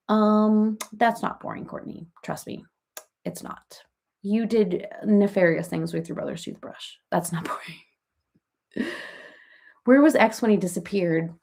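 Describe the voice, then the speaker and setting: A woman's voice: medium pitch, a little mellow. A woman doing a comic impression of a chatty reality-TV mom, rambling through gossip and family stories on a live stream and laughing as she talks. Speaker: comedian doing a parody live chat.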